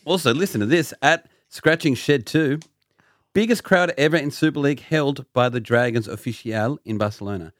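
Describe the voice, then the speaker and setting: A man's voice: medium pitch, normal speed, no echo, clean studio sound. A man hosting a casual podcast chat, playfully quizzing his co-hosts. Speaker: podcast host.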